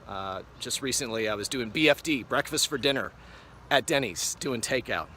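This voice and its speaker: A man in his fifties, a TV weather forecaster, giving a relaxed acceptance speech full of anecdotes, recorded on a phone on a selfie stick outdoors on a mountain. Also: mid-range voice, normal speed, slight background noise. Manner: relaxed storyteller with frequent "uh". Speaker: award honoree, TV weather forecaster.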